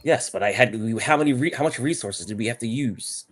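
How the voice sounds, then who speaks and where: A man's voice: medium pitch, fairly quick, faint music behind, lightly acted. A man voicing a stern, proud male celestial warrior in a tabletop role-play, speaking in a haughty, clipped way. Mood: irritated.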